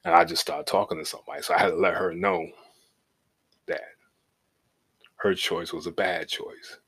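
Husky-voiced man, middle-aged, podcast host, low register, casual and profane storytelling. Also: sing-song, moderate pace, a bit bright. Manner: loose and profane, leaning on "you know what I'm saying"; shifts from laid back to heated as the story builds.

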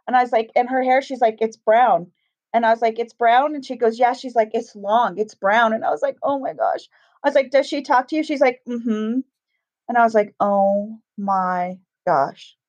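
A woman's voice: fairly high pitch, moderate pace. A middle-aged woman casually telling a story, acting out the voices of the people in it. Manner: animated, acts out quoted voices. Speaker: guest telling a ghost story. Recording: dull, lo-fi sound.

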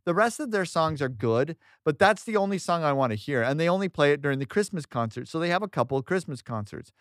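A man's voice: fairly high pitch, animated, quick pace, no echo, studio quality. A man co-hosting a podcast in casual chat, enthusiastic and rambling, often restarting his sentences. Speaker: podcast co-host.

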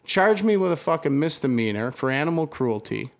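A man's voice: on the high side, very animated, brisk, creaky. A man in casual conversation, telling an angry story full of swearing, restarts and filler words. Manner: heated, profane storytelling with many restarts.

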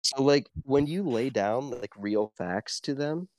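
A man's voice: mid-range voice, animated, measured pace, darkish tone. A seventeen-year-old boy hosting a podcast, chatting casually and rambling with lots of "like" and "dude". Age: teens. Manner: rambling, filler-heavy "like" and "dude". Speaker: podcast host. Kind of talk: casual chat.

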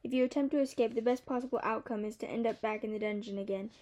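A woman voicing a small, chatty female paper bird who frets and scolds in a high, chirpy voice. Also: steady tone, fast talker, dark tone, lightly acted. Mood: stern. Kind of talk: audiobook character voice.

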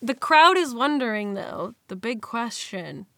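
A woman co-hosts a casual podcast, teasing her friend with playful questions and frequent laughter. Her voice sits a little high. The recording is close and dry. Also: big pitch swings, measured pace, pushed and bright, no room sound. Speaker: podcast co-host and commentator. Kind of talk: casual chat.

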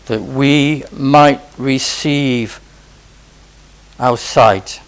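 A man's voice: mid-range voice, steady tone, very slow. A man preaching a sermon in an impassioned way, pressing his listeners with repeated urgent pleas and rhetorical questions.

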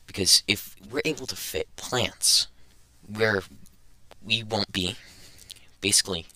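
A man's voice: lowish voice, slow, sharp tone, clear, resonant tone, dry recording, poor audio. A young man hosting a casual podcast, rambling and thinking aloud as he goes. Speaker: podcast host.

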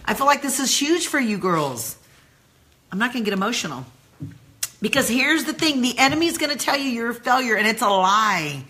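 A woman's voice: on the high side, big pitch swings, a little fast, sharp tone. A woman giving an emphatic motivational talk to women, repeating phrases and calling her listeners girls and y'all. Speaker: women's mentor and speaker.

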